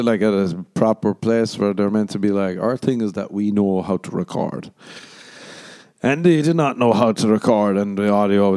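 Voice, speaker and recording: Rambling, profane Irish man, mellow voice. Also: fairly low pitch. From Ireland. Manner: profane, jokey, shifts into mock voices. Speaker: podcast host. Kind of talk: rambling solo podcast monologue.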